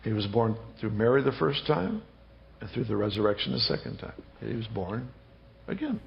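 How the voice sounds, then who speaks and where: A man preaching, quoting scripture rapidly and emphatically. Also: on the low side, creaky, lo-fi sound. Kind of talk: sermon.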